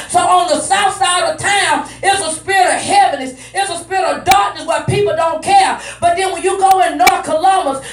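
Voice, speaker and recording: A woman preacher delivering a loud, emphatic sermon that repeats its points, heard through an echoey hall. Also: extremely high pitch, background noise. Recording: echoey hall, mic at a distance.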